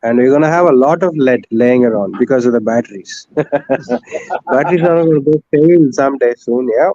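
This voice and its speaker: A man in casual livestream chat, agreeable and quick to chuckle. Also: mid-range voice, warm tone, dry recording, muffled recording.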